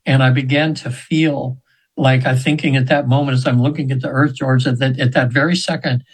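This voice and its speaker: A man in his seventies, a radio guest, telling a long rambling story with restarts and frequent throat-clearing. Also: medium pitch, steady tone, brisk, rough recording. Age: 70s.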